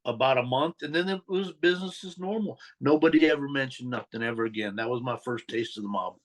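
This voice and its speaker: Speaking quickly in a mid-range voice, a man who once associated with the mob recounts his history as an interview guest. He's animated, performing the quoted lines as he goes.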